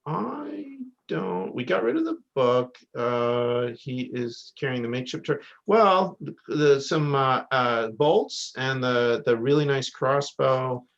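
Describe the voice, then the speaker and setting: A man playing in a tabletop game, rambling and excitable, often searching for words. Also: medium pitch, slow pace, gravelly, muffled recording. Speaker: player.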